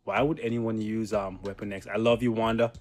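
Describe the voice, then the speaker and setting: A young man giving casual, slangy commentary over his own gameplay, joking and breaking into loud laughs. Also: on the low side, little pitch movement, a little fast, faint music behind. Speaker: gaming channel host.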